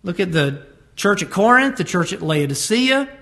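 A man preaching a sermon, stressing key words by slowing down and speeding up between phrases. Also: high-pitched, sing-song, pushed and bright. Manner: emphatic, varies pace to stress words.

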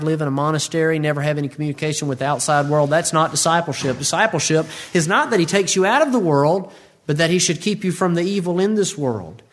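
A man preaching a sermon, acting out the voices of Bible figures with big swings in pitch.

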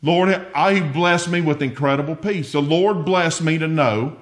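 Man, older, preacher, earnest folksy sermon, fairly high voice. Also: moderate pace. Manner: folksy and earnest, telling homely stories with humor.

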